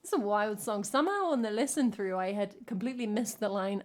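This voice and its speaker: Over ukulele playing, an English woman with a medium-pitched voice talks a little fast to her live stream viewers. She's a singer-songwriter from England, and her casual banter is dry and self-deprecating.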